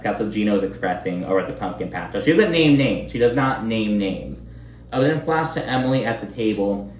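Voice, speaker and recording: Young male recap host, casual and foul-mouthed, shady and animated, mid-pitched voice, echoey home room. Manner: profane, catty, animated with mocking quoted voices. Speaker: recap commentator.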